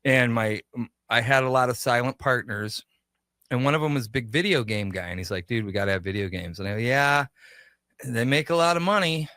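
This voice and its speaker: A shop owner appearing as a radio guest tells a long, casual story, animatedly slipping into the voices of the people he quotes. His bright, forward voice is medium in pitch and fairly quick. The sound is dry and close, with no room around him.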